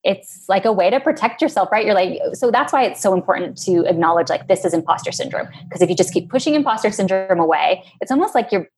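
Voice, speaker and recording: A woman's voice: medium pitch, lively intonation, fast, few pauses, a little mellow, a little hiss or hum. A woman guest in an interview, talking in a reflective, casual way with many fillers.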